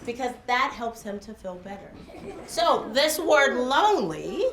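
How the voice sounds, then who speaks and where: Lively high-voiced teacher in echoey classroom. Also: female voice. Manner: animated, drawn-out teacher prompts. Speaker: first grade teacher. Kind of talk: classroom vocabulary lesson. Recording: echoey classroom with background noise.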